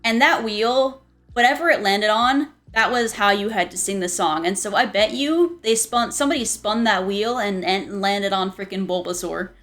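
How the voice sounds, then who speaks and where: A woman's voice: medium pitch, moderate pace, a bit bright, faint music behind. A young woman streamer chatting casually, rambling with many restarts and frequent giggles. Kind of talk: casual chat.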